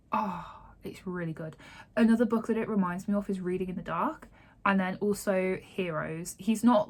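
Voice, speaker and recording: A woman from Yorkshire, giving a chatty book-reading update full of "like" and open feeling. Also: mid-range voice. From Yorkshire, England. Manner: chatty, heavy use of "like", openly emotional about the book. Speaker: book vlogger and author.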